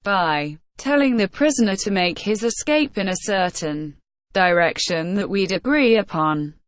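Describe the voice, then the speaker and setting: A woman's voice: medium pitch, expressive, measured pace, no room sound, lightly acted. A woman voicing a plain-spoken, deferential young male servant in a spoken storybook. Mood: earnest.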